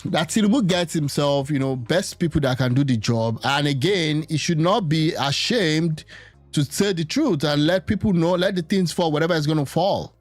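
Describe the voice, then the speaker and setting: A man's voice: a little high, dry recording, soft background music. A man giving casual political commentary, thinking aloud with many restarts and fillers. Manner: musing, halting, with many restarts.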